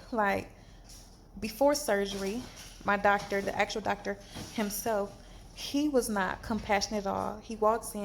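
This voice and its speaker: A woman telling a storytime vlog from a hospital bed after surgery, animated and exasperated, in pain. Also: medium pitch, normal speed, vocal fry, slight background noise. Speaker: vlogger.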